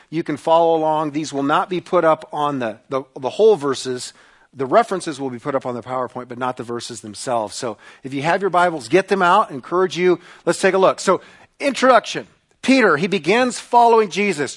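A man preaching a sermon to a congregation, animated and acting out the voices he quotes. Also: on the high side. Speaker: pastor.

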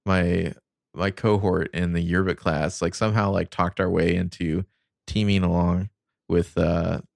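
A man's voice: low-pitched, flat delivery, a little slow, vocal fry, no echo. A man in his thirties co-hosting a podcast, casually recapping a book with dry asides. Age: 30s. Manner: laid-back, retells scenes in quoted voices, dry asides. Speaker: podcast co-host.

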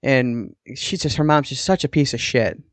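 A man's voice: mid-range voice, expressive, normal speed, no room sound. Guy cohosting a show recap podcast, rambly and chill, dead dry sound. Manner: rambling, swears casually. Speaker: podcast co-host. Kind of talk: casual episode recap.

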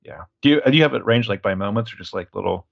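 A man co-hosting a casual film review chat, talking in a halting way full of fillers. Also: lowish voice, expressive, creaky, no echo, muffled recording. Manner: conversational, halting, frequent fillers. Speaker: podcast co-host.

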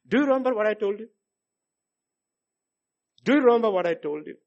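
A male preacher delivers a sermon in a fairly high, very lively voice that climbs and drops across a wide range. He hammers points home through repetition, swinging between loud exhortation and low, intense urging. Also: a little fast, long pauses.

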